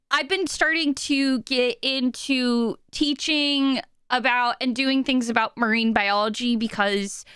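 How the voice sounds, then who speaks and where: A young woman chats on her live stream, rambling and tripping over restarts as she fights back happy tears. Her voice sits high, bright and smooth, and she takes her time. The desk mic keeps it close and dry. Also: no room sound. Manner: flustered, rambling, many fillers and restarts. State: emotional, near tears. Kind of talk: casual live-stream chat. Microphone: desk microphone.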